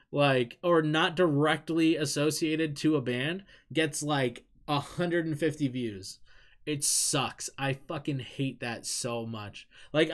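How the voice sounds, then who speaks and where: A slightly bright, medium-pitched voice belongs to an adult with an American accent who's chatting on a live stream. Candid and meandering, they swear freely and laugh frequently while going through chat.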